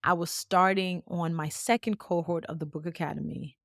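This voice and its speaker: A woman in her late thirties hosts a podcast and tells a personal story in a lively, chatty way, full of casual slang. Her voice sits a little low. The recording is close and dry, with no room sound. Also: moderate pace, dry recording. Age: late 30s. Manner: lively, conversational, acts out quoted dialogue. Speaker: podcast host.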